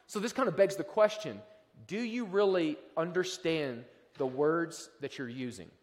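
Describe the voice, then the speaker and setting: A pastor from the American South with a fairly high voice preaches a conversational sermon. He drops to quiet, close asides, then builds to loud, emphatic peaks. His voice rings with the long reverb of a large church sanctuary. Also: a little slow.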